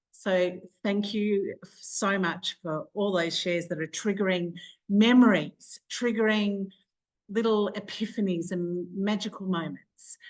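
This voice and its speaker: A woman hosting a group video call, talking in an effusive, gushing, rambling way. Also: medium pitch. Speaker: call host.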